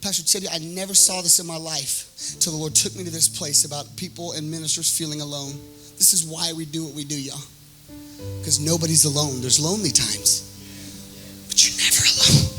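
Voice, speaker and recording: A man preaching a sermon in a sing-song, chanting cadence, acting out voices from scripture and breaking into shouts. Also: fairly high pitch, fairly even intonation, brisk, over music, poor audio. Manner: acts out biblical voices in quotes. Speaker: pastor.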